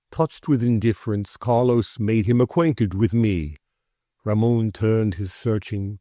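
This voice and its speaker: A man narrating a classic adventure novel as an audiobook, measured and deliberate. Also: lowish voice, dark tone, no echo, studio quality. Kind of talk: scripted narration.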